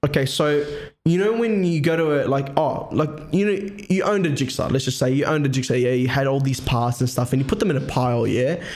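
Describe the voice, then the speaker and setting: A man's voice: mid-range voice, a little fast, darkish tone. A young man co-hosting a podcast, giving rambling, goofy answers in casual chat. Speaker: podcast co-host.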